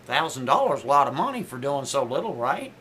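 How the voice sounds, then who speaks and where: A man voicing a female nurse who answers in a halting, unsure way. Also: medium pitch, big pitch swings, bright, forceful tone, a little hiss or hum. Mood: hesitant. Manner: halting, unsure, full of hesitations. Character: hesitant female nurse weighing an odd offer.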